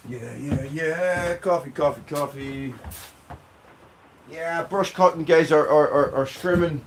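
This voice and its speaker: A man's voice: a little high, slow pace, slight background noise. An Irish man chatting casually on a live stream, greeting viewers by name from a small cabin with a wood stove. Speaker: livestream host.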